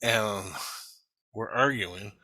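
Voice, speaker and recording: A man's voice: on the low side, drawn-out words, no echo. A man telling a rambling story in a casual vlog, swearing constantly and getting worked up. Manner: profane, excitable, rambling. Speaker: vlogger recounting a vision.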